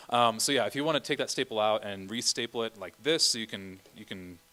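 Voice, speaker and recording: A man's voice: on the low side, fairly quick, bright, forceful tone. A man leading a church choir rehearsal, explaining the music patiently and often checking in with the singers. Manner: explanatory, keeps checking in with "okay?". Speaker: choir director. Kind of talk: rehearsal instruction.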